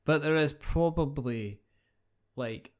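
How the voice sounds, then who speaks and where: A man's voice: fairly high pitch, takes it slowly. A man hosting a podcast in casual chat over a meal, rambling and laughing often. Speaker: podcast host.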